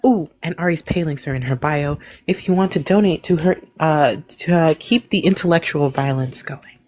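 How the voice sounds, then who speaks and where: Low-voiced woman moderator. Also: normal speed, faint music behind. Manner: friendly, relaxed reminders to viewers. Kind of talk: casual announcements.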